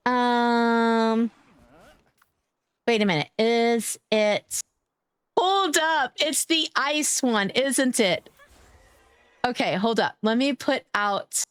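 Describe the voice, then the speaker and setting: A woman streamer chatting casually with her viewers, gushing and affectionate as she thanks them by name, playful and quick to giggle. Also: fairly high pitch, expressive, clean tone, dry recording. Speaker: live streamer. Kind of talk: casual live-stream chat.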